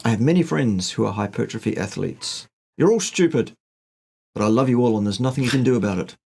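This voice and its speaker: A middle-aged man with a low, husky voice co-hosts a relaxed live question-and-answer stream. He answers plainly and bluntly, slipping in teasing jokes. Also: quick pace. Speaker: co-host answering viewer questions. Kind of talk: casual live Q&A chat.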